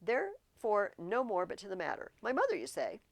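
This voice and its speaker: A woman's voice: mid-range voice, wildly swooping pitch, a little fast, gravelly, no echo. A woman reading the lines of a young male prince, bitter and giddy, in a theatrical Shakespearean verse delivery. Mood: manic.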